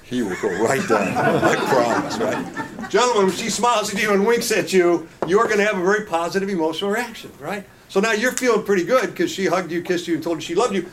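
A middle-aged man with a slightly raised voice leads a marriage workshop in a humorous lecture style. He peppers his points with jokes and keeps asking the room "right?". A live audience is clearly heard around him. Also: sits high, quick pace, crowd noise, background noise. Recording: live talk with audible audience. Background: live audience reacting.

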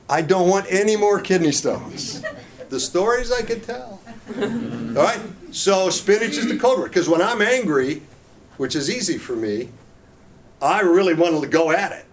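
A man's voice: fairly high pitch, a little hiss or hum. Folksy middle-aged man lecturing a crowd. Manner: folksy and joking, keeps checking in with the audience. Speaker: marriage seminar speaker. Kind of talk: conversational lecture to an audience.

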